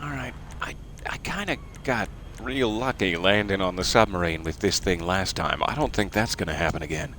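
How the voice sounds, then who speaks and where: A man's voice: deep voice, expressive, moderate pace. A man giving casual, playful gameplay commentary as a game streamer, chatting and joking. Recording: game gunfire noise behind.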